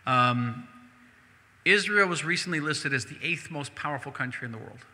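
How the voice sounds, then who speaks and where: Male diplomat, bright, slightly raised voice, emphatic Q&A delivery, reverberant hall. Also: fairly high pitch, lively intonation, moderate pace. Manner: emphatic, repeats words, conversational asides. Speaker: diplomat speaking at a synagogue event. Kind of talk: public Q&A answer. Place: synagogue hall.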